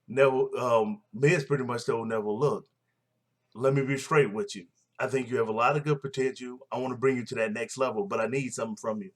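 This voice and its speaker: A man's voice: mid-range voice, fairly quick. A man casually recapping a wrestling show, blunt and opinionated, rambling with fillers and restarts.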